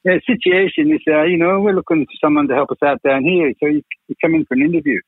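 A man putting on a rough Scottish accent to voice a brisk, chummy older male record producer. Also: on the high side, lively intonation, no echo, voice pushed up. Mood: offhand. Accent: Scottish, a rough imitation. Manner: chummy, clipped, matey. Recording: dry tinny phone-like radio line.

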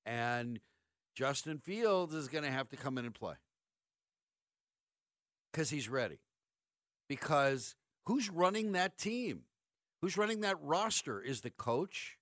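A man's voice: on the high side, lively intonation, slow pace, pauses often, a bit bright, no room sound, clean studio sound. A middle-aged man hosting sports talk radio, ranting sarcastically and firing off rhetorical questions.

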